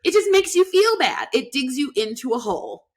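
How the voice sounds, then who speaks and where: A woman's voice: high-pitched, sing-song, a little fast. A woman hosting a podcast, affirming her guest and acting out inner-critic voices along the way. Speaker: podcast host psychologist. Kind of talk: casual interview conversation.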